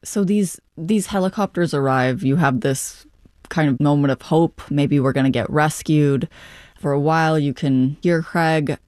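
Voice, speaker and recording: Interviewer, measured recaps and questions, dry close-miked sound. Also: mid-range voice, darkish tone, no echo.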